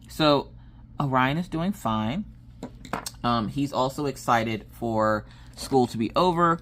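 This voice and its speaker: A woman, chatting casually in a crafting vlog, telling stories in an animated way and acting out what people said. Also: rumbling low, slow, slight background noise. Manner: animated storytelling, acts out quotes. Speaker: crafting vlogger. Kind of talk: casual chat while crafting.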